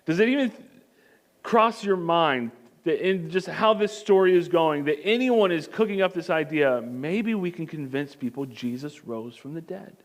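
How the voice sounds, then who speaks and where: A man preaching a sermon as pastor, telling the story in an animated way with comic asides. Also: on the high side, normal speed.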